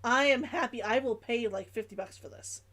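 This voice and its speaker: A woman's voice: a little high, moderate pace, fairly bright tone. A woman streamer chatting casually while playing a game, gushing, giggling and repeating herself. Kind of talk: casual live-stream chat.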